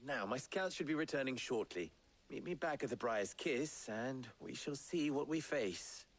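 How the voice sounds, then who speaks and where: An actor playing a commanding, wry middle-aged rebel leader, speaking in a measured, formal way in a video game. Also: male voice, medium pitch, lively intonation, close to an everyday voice. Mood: dry.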